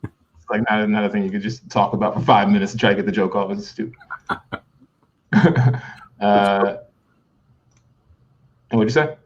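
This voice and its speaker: A man's voice: on the low side, steady tone, unhurried, pauses often, a little hiss or hum. Laughing man in dull lo-fi audio. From New Jersey, US. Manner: laughs often between remarks. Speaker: podcast guest. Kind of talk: casual chat.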